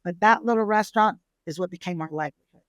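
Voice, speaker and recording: A middle-aged woman from San Antonio, Texas, a restaurateur telling her family's history in a relaxed interview, lively and acting out the people she quotes. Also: mid-range voice, quick pace, dry recording, muffled recording. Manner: lively storyteller who acts out family quotes. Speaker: restaurateur guest. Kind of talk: casual storytelling interview.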